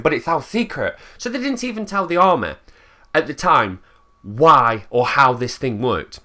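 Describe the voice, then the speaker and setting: A man's voice: medium pitch, very animated, normal speed, pushed and bright. A man with an English accent ranting bluntly in a casual monologue, swearing freely and acting out quotes in put-on voices. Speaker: channel host.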